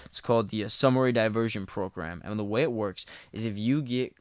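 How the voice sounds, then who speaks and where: A young man, a podcast guest, telling animated stories in casual chat, with lots of "like" and plenty of swearing. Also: on the low side, a little fast. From Philadelphia area. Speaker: podcast guest, parkour athlete.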